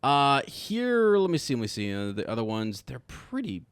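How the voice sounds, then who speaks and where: A man's voice: medium pitch, big pitch swings, moderate pace, clean tone, no room sound. A man co-hosting a casual podcast chat, reading jokes aloud, laughing often and stumbling over words. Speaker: podcast co-host.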